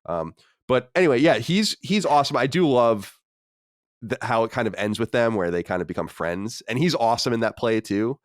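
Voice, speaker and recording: A man co-hosting a podcast, chatting about movies in a relaxed, conversational way and swearing casually. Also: mid-range voice, fairly quick, no echo, clean studio sound. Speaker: podcast co-host. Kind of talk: casual podcast film discussion.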